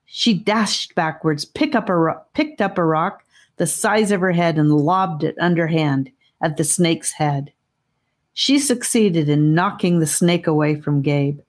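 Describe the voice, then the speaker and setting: A woman narrates a fantasy adventure chapter aloud with steady expression. Her voice sits low and her reading unfolds slowly and carefully. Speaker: audiobook reader. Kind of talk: audiobook narration.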